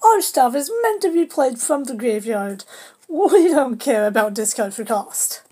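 Woman, high voice, casual deck walkthrough, cheeky trash talk and silly sound effects. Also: big pitch swings, unhurried, mellow, husky. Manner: playful, trash-talking, with goofy sound effects. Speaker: card game deck presenter. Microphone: camera on a table.

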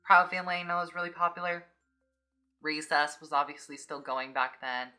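A woman's voice: sits low, normal speed, pushed and bright, soft background music. A young adult woman hosting a casual unboxing vlog, chatty and filling her speech with "like". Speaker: YouTube host.

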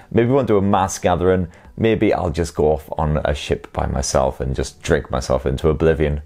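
A man's voice: deep voice, a little mellow. A man from Sunderland with a Northeast English accent, hosting a casual tech Q&A with cheeky, sweary jokes. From Sunderland, North East England. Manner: cheeky, sweary, jokey asides. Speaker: tech show host. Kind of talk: casual viewer Q&A.

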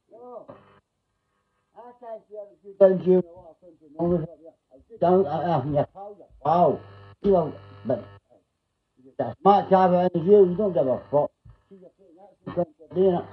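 High-voiced Scottish man, tinny phone sound. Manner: rambling, sweary, blunt. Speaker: livestream host. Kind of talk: casual rambling chat.

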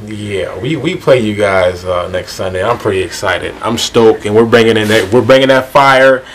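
A man's voice: fairly low pitch, moderate pace, a bit bright, a little hiss or hum. A man vlogger chatting casually and teasing rival sports fans in a laid-back, playful way. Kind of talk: casual chat.

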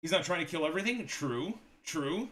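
A young man streaming a game live, reacting loudly, swearing, laughing and greeting chat. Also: fairly high pitch, animated, fairly quick.

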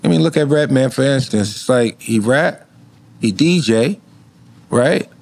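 A man as a podcast guest in casual chat, laid-back and profane, drawing out his thoughts slowly. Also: mid-range voice, lively intonation, gravelly, slight background noise.

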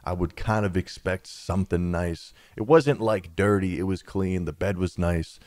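Low-voiced young man telling a story. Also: normal speed. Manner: rambling, animated, says "man" and "dude" often. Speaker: vlogger telling a travel story. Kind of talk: casual storytelling.

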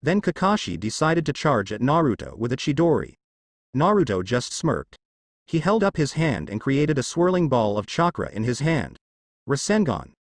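A man narrating a fan fiction story with steady storytelling delivery. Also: mid-range voice, no room sound.

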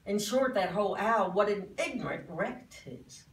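A woman's voice: mid-range voice, expressive, moderate pace, reverberant, recorded from a distance, a little hiss or hum, natural voice, poor audio. A woman voicing an indignant young man who lectures as a self-styled bird expert, in a dramatic poetry recitation. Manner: lecturing, exasperated, theatrical.

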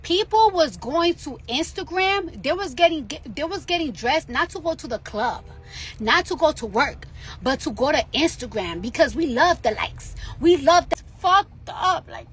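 A woman's voice: sits high, animated, a little slow, a bit bright, a little hiss or hum. A woman, ranting on a live stream from her phone in a car, profane and emphatic, hammering the same points over and over. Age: late 20s. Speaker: celebrity livestreamer.

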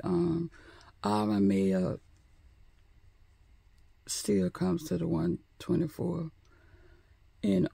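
A man's voice: high-pitched, vocal fry, dark tone, breathy edge, no echo. A man chatting sassily and profanely to his phone while walking through a store at night. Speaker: vlogger. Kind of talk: casual vlog chat.

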